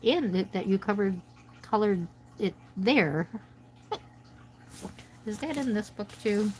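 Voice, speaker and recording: A woman's voice: mid-range voice, expressive, slow pace, a little mellow, slight background noise, low-quality recording. An American woman hosting a casual coloring livestream from home, chatting and rambling to viewers as she colors. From United States. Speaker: livestream host. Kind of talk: casual chat while coloring.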